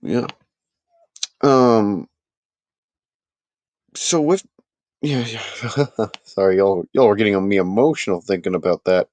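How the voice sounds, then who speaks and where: A man hosting a casual live sports talk stream, chatting with his viewers and making animated, emphatic points. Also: lowish voice, takes it slowly, long pauses, no echo.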